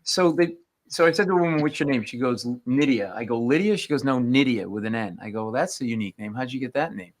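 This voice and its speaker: A man's voice: fast talker, few pauses. A man, a comedian, telling stories on a radio show and acting out the people in them. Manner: animated storyteller, acts out quoted people in rising pitch. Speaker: comedian guest.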